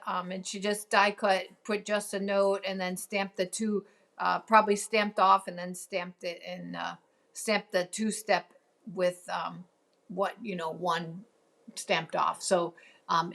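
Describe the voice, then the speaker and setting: A chatty woman hosts a live crafting stream. Her mid-pitched voice has a gravelly fry running through it, and she wanders between topics, answering viewer comments as they come in. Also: little pitch movement, slow, fairly bright tone. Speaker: crafting show host.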